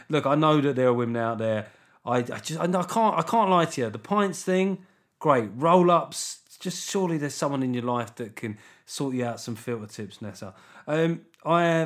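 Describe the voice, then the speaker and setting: British bloke doing a podcast, cheeky and irreverent, chatty comic rambling, mid-pitched voice. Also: male voice. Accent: British English. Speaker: podcast host. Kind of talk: casual comic podcast monologue.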